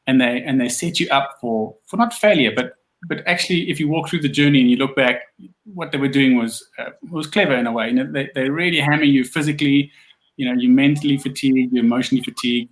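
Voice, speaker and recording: A man's voice: mid-range voice, rough recording. A man hosting an interview, talking in a rambling, reflective way. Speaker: podcast host. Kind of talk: conversational interview.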